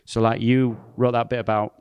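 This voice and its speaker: A man's voice: medium pitch, level tone, normal speed, clear, resonant tone, no room sound, lo-fi sound. A man speaking as a pastor guest on a podcast, thoughtful and a little hesitant. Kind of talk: casual discussion.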